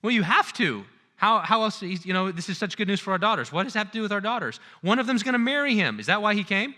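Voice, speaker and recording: A man voicing an excitable middle-aged mother who pleads in a rushed, insistent way. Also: high-pitched, voice pushed up.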